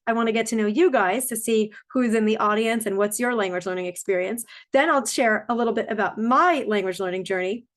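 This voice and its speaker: A woman speech coach presenting a live webinar in a bubbly, friendly way. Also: a little high. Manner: bubbly and friendly, casual fillers.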